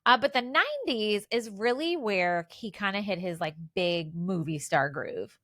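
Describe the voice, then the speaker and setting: A woman in her forties co-hosts a podcast, sharing movie tidbits in relaxed, filler-laden chat. Her voice sits at a middling pitch. The recording is dry and close, with no room sound. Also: unhurried, dry recording. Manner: chatty, reads film trivia with fillers. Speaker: podcast co-host. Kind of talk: casual chat.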